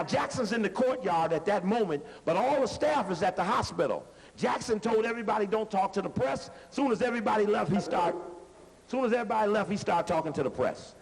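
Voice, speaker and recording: A man giving a lecture while commenting on video playback, animated and conversational, using street-talk grammar. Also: high voice, gravelly. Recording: reverberant hall with faint noise.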